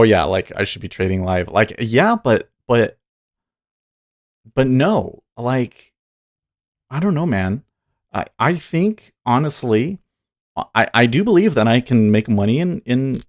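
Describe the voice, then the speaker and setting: A man's voice: mid-range voice, no echo, studio quality. A man hosting a day trading livestream, thinking aloud in a rambling, casual way and laughing often.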